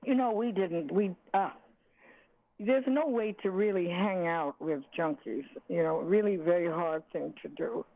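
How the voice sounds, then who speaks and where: An older woman, a jazz singer, reminiscing in an interview, halting and searching for words with many restarts. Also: on the low side, no echo. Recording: tinny phone line.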